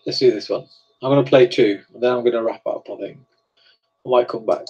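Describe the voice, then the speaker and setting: Guy hosting a livestream, slow rambly chat reading out comments, mid-pitched voice, kinda muffled audio. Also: fairly even intonation. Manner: rambling, reads comments aloud and reacts. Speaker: livestream host. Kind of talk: casual live-stream chat.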